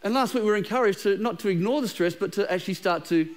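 Casting: man, middle-aged, high voice, easygoing preacher who jokes and trips over words. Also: fast. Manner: conversational and humorous, with frequent repeated words. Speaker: pastor. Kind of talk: sermon. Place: church auditorium with a live congregation.

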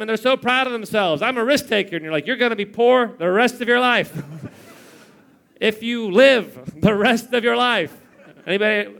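A man's voice: sits high, gravelly, fairly bright tone. A man in his thirties preaching a sermon in church, telling stories with playful mimicry and chuckles. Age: 30s. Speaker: pastor.

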